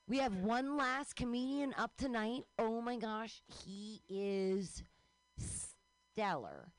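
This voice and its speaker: A woman hosting a comedy show, introducing the next act with bubbly enthusiasm. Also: medium pitch.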